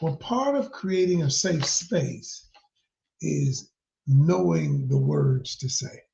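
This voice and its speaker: A man working as a relationship coach, talking emphatically to viewers and calling them y'all, swinging from loud to whispered like a preacher. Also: a little high, big pitch swings, takes it slowly, creaky, slight background noise. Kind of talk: live-stream promotional talk. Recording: dull lo-fi sound.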